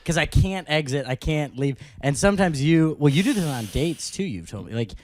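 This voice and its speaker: A man's voice: a little high, animated, brisk, no room sound, clean studio sound. Chatty young man telling stories. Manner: chatty storyteller, laughs often. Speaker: podcast co-host, comedian. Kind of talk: casual podcast chat. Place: podcast studio.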